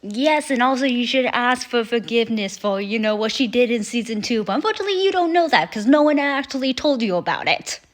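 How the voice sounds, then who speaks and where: A woman's voice: fairly high pitch, expressive, a little fast, hardly any pauses. A young woman hosting a reaction video, chatting animatedly and swearing casually. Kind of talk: casual chat.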